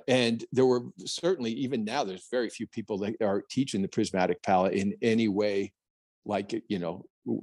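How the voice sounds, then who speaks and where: A middle-aged man with a husky, slightly breathy voice tells a story on a podcast. He is animated and acts out the voices of others. The sound is dry and close. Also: on the low side, dry recording. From New Jersey, United States. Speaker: plein air painter, guest.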